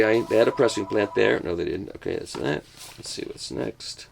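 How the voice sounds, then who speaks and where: An older man talks casually as he unboxes a set of records, tossing off jokes at his own expense as he goes. His voice is low and carries a gravelly edge. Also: normal speed, slight background noise. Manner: joking, self-mocking asides. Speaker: host reviewing a record box set.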